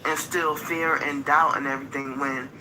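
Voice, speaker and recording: A woman in a played stream clip rambling on about being harassed and manipulated, with many pauses and fillers. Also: low-pitched, steady tone, pushed and bright, a little hiss or hum, low-quality recording. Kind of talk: rambling monologue.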